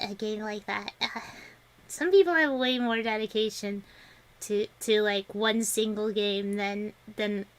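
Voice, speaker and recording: Giggly young woman streamer, a bit high. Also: a bit bright, smooth. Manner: giggly, rambling, many restarts and fillers. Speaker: vtuber streamer. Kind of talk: casual chat with viewers.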